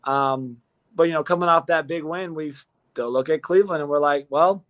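A man's voice: on the high side, normal speed, a bit bright. A young man in his twenties, a pro football player guest, talking earnestly in a rambling way with many restarts. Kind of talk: casual interview talk.

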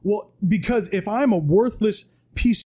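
Speaking at a moderate pace, he has a high voice with a dark tone. As a guest in a podcast studio, he preaches emphatically through an animated motivational talk, tacking "right?" onto many of his points.

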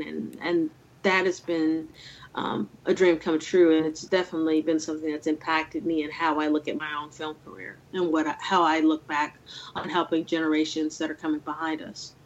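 A woman filmmaker telling a personal story in an interview over a video call, earnest and emotional, laughing often. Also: sits low. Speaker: filmmaker guest. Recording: slightly dull lo-fi sound.

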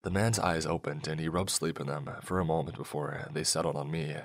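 Very deep-voiced man narrating horror. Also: steady tone. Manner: low, measured storytelling. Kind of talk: first-person horror story narration. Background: faint music.

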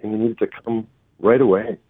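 Man, guest on a phone line, low voice, halting, stammering, tinny. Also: steady tone, husky, no echo. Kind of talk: phone interview.

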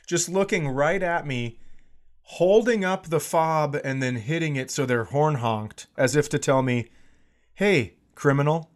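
A man in his forties tells a funny story in loose, casual chat. He acts out the people he quotes and swings between calm telling and louder bursts. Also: fairly high pitch, a little slow. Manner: animated, acts out quoted voices loudly. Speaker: podcast co-host.

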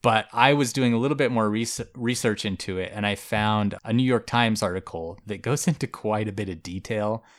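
A man's voice: on the low side, moderate pace, few pauses. A man co-hosting a podcast, telling a news story in a casual, chatty way with frequent laughs and fillers. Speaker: podcast co-host. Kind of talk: casual chat.

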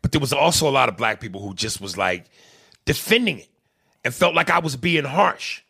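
New guy going off on a podcast, swings loud to quiet, gravelly bright voice. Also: medium pitch, animated, a little fast. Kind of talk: heated casual rant.

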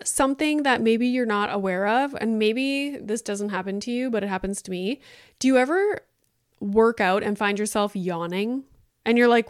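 A woman's voice: fairly high pitch, clear, resonant tone, no echo, clean studio sound. A woman hosting a casual solo podcast, chatting and swearing freely, filling her talk with "like" and acting out her own reactions. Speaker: podcast host.

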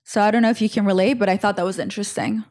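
Woman, 20s, podcast host; casual, animated storyteller. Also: mid-range voice, rapid-fire. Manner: chatty, animated retelling with fillers.

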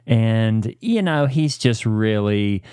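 A man's voice: fairly low pitch, animated, takes it slowly, mellow, clear, resonant tone, no room sound, clean studio sound. A man playing an upbeat youth pastor co-hosting an improvised satire podcast, rambling earnestly and interrupting himself. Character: upbeat male youth pastor, eager and oblivious. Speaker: co-host.

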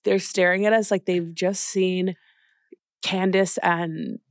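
A woman's voice: fairly low pitch, flat delivery, takes it slowly, no echo. Chatty young woman, dry close sound. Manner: chatty storytelling, acts out quotes. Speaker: podcast co-host. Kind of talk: casual chat.

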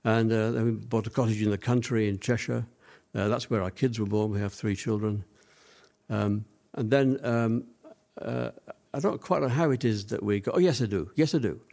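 A man's voice: on the low side, normal speed, gravelly, darkish tone. An older man telling stories from his life as an interview guest, reminiscing at length with plenty of fillers and restarts. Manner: rambling reminiscing with many fillers. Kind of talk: storytelling.

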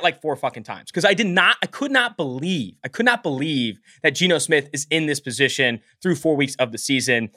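A man co-hosting a casual sports podcast, talking quickly with a bright, sharp tone. His pitch sits a bit high for a man. He is emphatic and animated and drops the odd swear word. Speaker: podcast co-host.

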